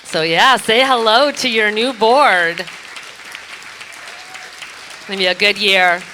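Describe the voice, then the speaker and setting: A woman's voice: medium pitch, slow pace, sharp tone, some chatter behind, slight background noise. A woman serving as board president, graciously introducing the new board one by one on a handheld microphone. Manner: gracious, names people one by one.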